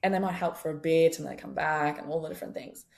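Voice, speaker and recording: Young woman chiropractor on a podcast, kinda low voice, candid and blunt, swears a lot. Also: quick pace, vocal fry. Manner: candid and expressive, swears freely. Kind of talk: casual podcast conversation.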